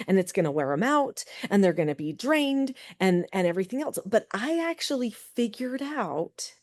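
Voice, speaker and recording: A middle-aged woman, a guest on a parenting show, telling stories in lively conversation and acting out other people's voices. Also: medium pitch. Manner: lively, acts out quoted voices. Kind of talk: conversational storytelling.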